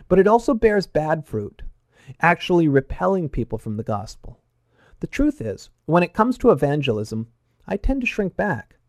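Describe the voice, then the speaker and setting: A man giving a measured, earnest teaching talk with touches of wry humor. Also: a little high, a little mellow, dry recording, clean studio sound.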